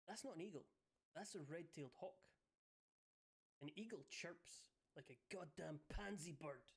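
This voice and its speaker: A woman's voice: low voice, animated, normal speed, a little mellow. A woman streaming a game live, swearing freely and joking as she mimics animal noises. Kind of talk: live gameplay commentary.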